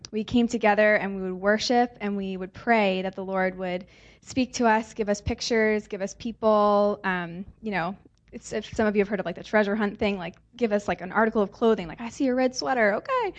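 A woman's voice: medium pitch, highs cut off. Chatty young woman sharing testimony. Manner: casual, chatty, many fillers and laughs. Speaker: church speaker sharing testimony. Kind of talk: testimony in a sermon.

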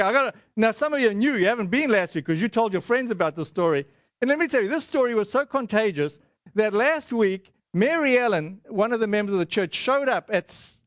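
A man's voice: high-pitched, no room sound, muffled recording. A man preaching a sermon, telling personal stories in a chatty, self-deprecating way with lots of fillers. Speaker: pastor.

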